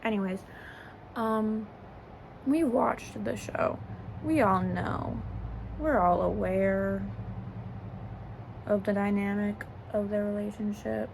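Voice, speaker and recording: A woman's voice: medium pitch, slow, vocal fry, pauses often, background noise. A young woman rambling and gushing about her celebrity crush in a casual get-ready-with-me vlog, filmed on a phone as if on a video call. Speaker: vlogger. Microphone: phone camera, as on a video call.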